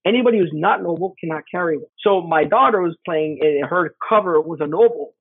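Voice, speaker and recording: Animated man on a tinny phone line. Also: fairly high pitch, fairly quick, dry recording. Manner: animated, acts out voices in anecdotes. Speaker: game designer guest. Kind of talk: casual storytelling chat. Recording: husky voice over tinny phone line, dry.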